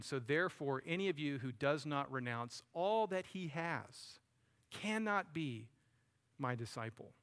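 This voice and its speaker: A man's voice: fairly high pitch, a bit bright. A man preaching a sermon, talking to the congregation in a conversational way and calling them buddy and friends. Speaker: pastor.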